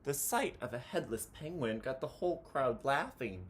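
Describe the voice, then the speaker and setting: A man reading a children's picture book aloud, chanting the counting cheers with animated delivery. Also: mid-range voice, moderate pace, a little hiss or hum.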